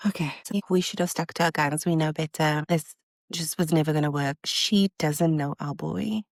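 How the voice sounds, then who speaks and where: Podcast mom, thirties, gravelly low voice, exasperated storytelling, dry close sound. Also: female voice, moderate pace, no room sound. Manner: animated, exasperated retelling. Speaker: podcast host, mother. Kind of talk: casual storytelling.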